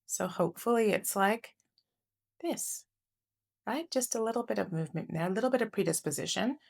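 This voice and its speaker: A middle-aged woman, an educator and trauma researcher, giving a flip chart lesson to camera in an earnest, animated way with frequent rhetorical checks. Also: mid-range voice, fast, creaky.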